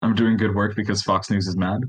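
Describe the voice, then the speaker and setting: A podcast guest with a fairly low voice talks in loose, casual chat. His tone is wry and dry, and he slips in self-mocking asides. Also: little pitch movement, fairly quick, husky, poor audio.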